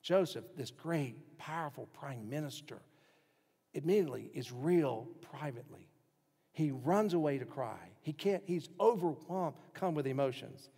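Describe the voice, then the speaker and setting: A male pastor preaching a sermon, swinging from strong, raised lines down to hushed, near-whispered ones. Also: fairly high pitch, expressive, unhurried, slightly rough, in a large hall. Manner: dramatic shifts in loudness, dropping to near whispers.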